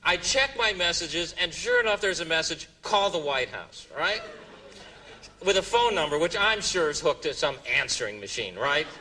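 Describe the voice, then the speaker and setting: A man telling a comic story on stage as a stand-up comedian, jumping into high squeaky voices for quoted exclamations. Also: expressive, normal speed, pushed and bright. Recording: distant mic, noisy room ambience.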